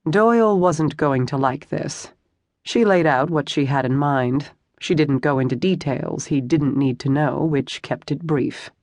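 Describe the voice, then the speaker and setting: A steady audiobook narrator in scripted narration, mid-pitched and even. Recorded close on a studio mic, bone dry with no room at all. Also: unhurried, no echo.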